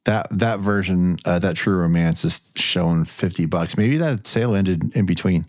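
A man's voice: sits low, dry recording. A man co-hosting a podcast in casual chat, talkative and laughing often, breaking off his own sentences. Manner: chatty, quick laughs, trails off mid-sentence. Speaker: podcast co-host.

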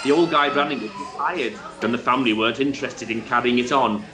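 A man with a Welsh accent, chatting in a friendly, unhurried way during a scripted café conversation. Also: medium pitch, rough recording. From Wales. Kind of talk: casual scripted dialogue.

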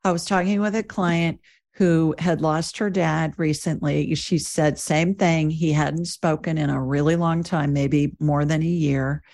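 A woman's voice: low voice, steady tone, unhurried, a little mellow. A woman hosting a podcast, talking with her guest and thoughtfully sharing a related story. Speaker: podcast host. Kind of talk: conversational interview.

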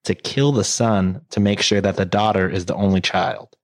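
A man's voice: deep voice, fairly even intonation, moderate pace. A man casually retelling a story to friends, rambling and profane, full of fillers and jokes.

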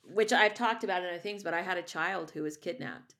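Woman, middle-aged, voice teacher, candid storytelling, rambling, restarts, lowish voice. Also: fairly quick, a bit bright. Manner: earnest, rambling with many restarts and fillers. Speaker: voice teacher and singer, guest.

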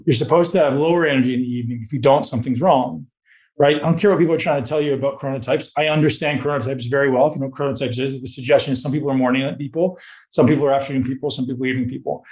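A man's voice: mid-range voice, fairly even intonation, rapid-fire, darkish tone. A man giving a blunt, motivational coaching talk to a live group, swearing freely and firing questions at the room. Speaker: host giving a talk on fat loss.

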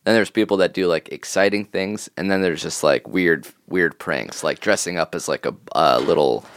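A man's voice: low voice, normal speed, fairly bright tone, dry recording, studio quality. A man co-hosting a podcast, chatting casually and playfully, laughing often and teasing his co-host. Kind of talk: casual comedic chat.

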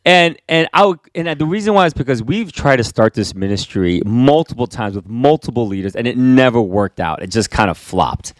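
A man's voice: medium pitch, brisk, hardly any pauses, no room sound, clean studio sound. A man, a pastor, talking earnestly in a casual conversation, telling stories with many restarts. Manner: earnest, animated storyteller with frequent restarts.

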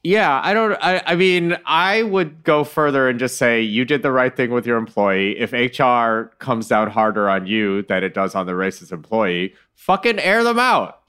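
A man co-hosting a podcast, chatting casually with animated swings from mumbled asides to loud outbursts. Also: mid-range voice, moderate pace, hardly any pauses, clean tone. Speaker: podcast co-host. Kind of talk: casual chat.

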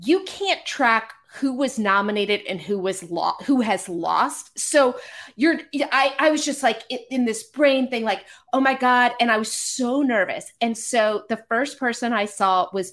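A woman, a podcast guest, telling stories in a casual, animated, self-deprecating way with many restarts. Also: fairly high pitch, measured pace. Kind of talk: casual storytelling.

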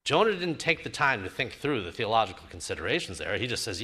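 A man's voice: fairly low pitch, sing-song, fast, few pauses, bright, forceful tone, breathy edge. A male pastor preaching a sermon, emphatic and building his points through repeated phrases.

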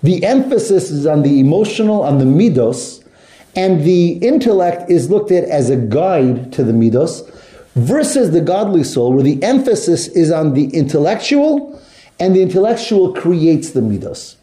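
A man's voice: a little high, very animated, normal speed, warm tone. A man teaching a text study class to students, explaining step by step and putting questions to the class. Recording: echoey room.

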